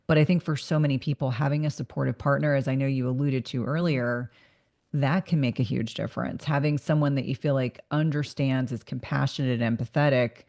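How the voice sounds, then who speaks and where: A woman's voice: rumbling low, steady tone, fairly quick, gravelly, a little mellow. Earnest woman podcast host. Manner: earnest, reflective, repeats words while thinking. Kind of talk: casual interview conversation.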